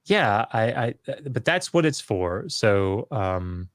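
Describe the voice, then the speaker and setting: A man speaking as a guest scholar in a casual podcast conversation, candid and self-deprecating, talking in quick bursts. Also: on the low side, very animated, dry recording.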